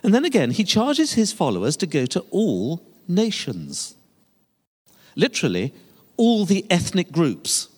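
A man's voice: high voice, wildly swooping pitch, unhurried, darkish tone, breathy edge. An older man, a pastor, preaching a sermon with emphatic, rising and falling delivery. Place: church sanctuary. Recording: long reverb of a large church hall.

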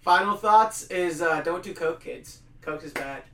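A man co-hosting a casual movie review podcast, jokey and laughing, talking in halting restarts. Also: on the high side, sharp tone, a little hiss or hum. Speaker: podcast co-host. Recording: echoey room, distant mic.

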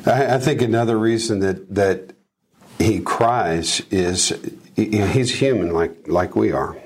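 Husky low-voiced man. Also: measured pace. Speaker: podcast co-host. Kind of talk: casual Bible discussion.

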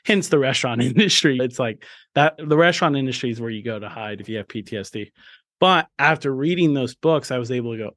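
A man's voice: mid-range voice, brisk, fairly bright tone, no room sound. Male host, 30s, mid-range voice, open and earnest, restarts a lot, dry sound. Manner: earnest and open, with frequent restarts and emphatic bursts. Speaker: podcast host. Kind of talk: candid personal storytelling in an interview.

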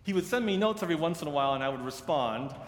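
A man, a pastor and seminary teacher, tells a story in a sermon, earnest, and he grows hushed and slow in the sad parts. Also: fairly high pitch, animated. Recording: reverberant hall with faint ambience.

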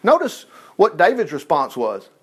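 A man's voice: high voice, huge pitch swings, normal speed, husky. Folksy man teaching a Bible story. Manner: folksy, chatty, with asides and restarts. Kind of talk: casual Bible-study teaching.

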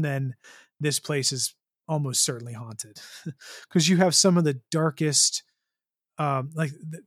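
A man's voice: on the high side, no room sound, clean studio sound. A man co-hosting a podcast, talking casually and rambling with many restarts. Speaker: podcast co-host. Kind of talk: casual chat.

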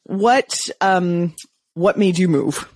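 Low husky woman hosting a podcast. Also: extremely slow, darkish tone, dry recording. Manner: enthusiastic, chatty. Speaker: podcast host. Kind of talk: podcast interview.

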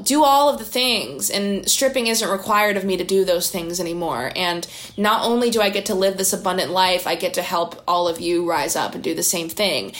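A woman's voice: medium pitch, fairly bright tone. A young woman hosting a podcast, speaking earnestly and emotionally about her life, swearing casually now and then. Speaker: podcast host and coach. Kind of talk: heartfelt personal monologue.

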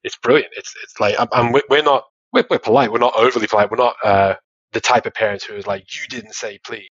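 A man, a father telling stories as a podcast guest, animated and quick to laugh. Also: medium pitch, no echo, dull audio. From Australia. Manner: animated storytelling, laughs often, many restarts. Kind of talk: casual interview chat.

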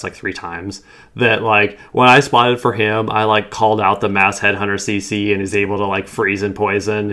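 A man's voice: fairly low pitch, fairly bright tone. A man hosting a casual podcast chat about a strategy game, rambling and full of fillers like "like". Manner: rambling, filler-heavy, lots of "like".

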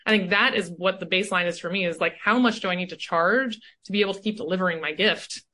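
A woman speaking as a coach and podcast guest in casual conversation. She is animated and keeps tagging her points with "right?". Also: fairly low pitch, fast. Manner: animated, often tags "right?".

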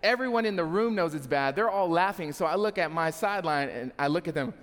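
A man's voice: on the high side, lively intonation, a little fast, a bit bright. A young adult man preaching a sermon as pastor, telling funny stories and talking straight to the congregation. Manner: humorous storytelling, talks to the congregation. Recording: long hall reverb.

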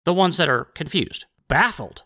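A man's voice: on the high side, lively intonation, moderate pace, bright, forceful tone. A man hosting a history podcast, talking in a mocking, sarcastic, rambling way and restarting his sentences. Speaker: podcast host.

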